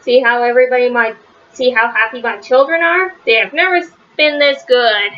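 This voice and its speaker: A woman reading a children's picture book aloud, with a lively delivery that rises high on the characters' shouts. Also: moderate pace, highs cut off. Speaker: storybook reader.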